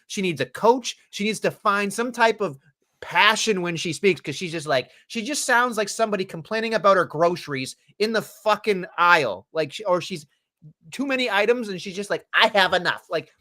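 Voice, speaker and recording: A man's voice: sits high, bright, forceful tone. A man co-hosting a wrestling podcast, blunt and profane, ranting in casual chat.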